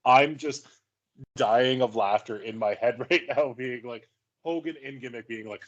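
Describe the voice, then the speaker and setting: A man's voice: mid-range voice, measured pace, lo-fi sound. A man co-hosting a podcast, arguing and joking with frequent swearing. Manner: profane, joking, argumentative. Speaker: podcast co-host. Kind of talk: casual podcast banter.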